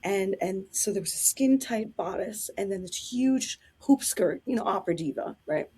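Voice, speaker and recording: A woman telling anecdotes in a casual interview, animated and quick to laugh. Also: medium pitch, husky.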